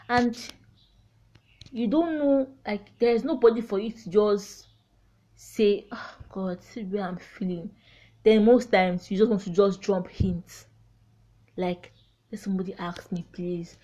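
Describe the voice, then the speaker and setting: A woman's voice: medium pitch, a little mellow. A woman with a Nigerian accent hosting a solo podcast, talking heartfelt and frank, laughing through painful topics. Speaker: podcast host. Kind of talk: candid solo podcast monologue.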